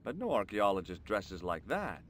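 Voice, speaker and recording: A dry, sarcastic investigator from a video game. He questions people with a pitch that rises and falls a lot. The delivery stays level and wry. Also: very animated, normal speed, background noise. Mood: questioning. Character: dry, persistent male investigator.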